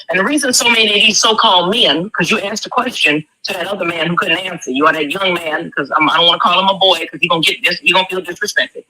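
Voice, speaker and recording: A woman makes her case in a rapid stream. Her voice is bright and forceful, and she talks emphatic and preachy, full of rhetorical questions. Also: fairly low pitch, low-quality recording. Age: 40s. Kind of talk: impassioned commentary.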